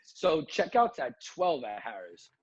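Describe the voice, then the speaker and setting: A man, a nightlife promoter, telling lively stories on a podcast, acting out the people he quotes. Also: medium pitch, a little slow, dull audio. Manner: animated storyteller, acts out quotes, many fillers like "like". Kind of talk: casual podcast storytelling.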